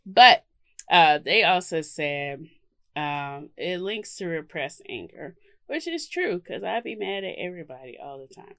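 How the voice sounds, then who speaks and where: A podcast co-host chats casually in a lowish, slightly bright voice with big pitch swings, speaking unhurriedly with no room sound. She laughs often, fills her speech with ums and likes, and has the hiccups.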